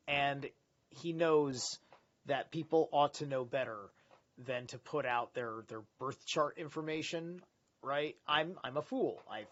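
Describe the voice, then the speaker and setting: A man's voice: on the high side, fairly bright tone, lo-fi sound. A man hosting a live stream, reading a philosophy text aloud and rambling candidly between passages, swearing and restarting often. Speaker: livestream host reading philosophy.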